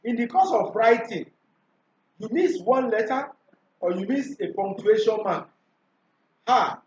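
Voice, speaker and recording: A man's voice: high voice, lively intonation, measured pace, a little mellow, slight background noise. A man teaching a classroom revision lesson, quizzing his students and repeating his questions. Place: school classroom. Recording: echoey classroom from far off, dull and lo-fi.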